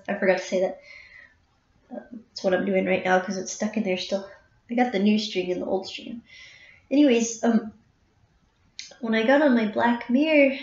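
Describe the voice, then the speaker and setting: A woman musician in a halting, reflective personal monologue, emotional and full of pauses and fillers. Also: a little high. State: emotional, near tears at times. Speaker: harpist and channel host. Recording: roomy, distant, dull recording.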